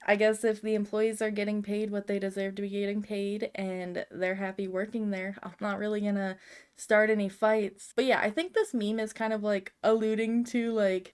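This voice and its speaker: A woman's voice: medium pitch, level tone, moderate pace, a little mellow, clear, resonant tone. A woman giving casual, rambling commentary on memes, with lots of fillers and frequent giggles. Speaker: video creator.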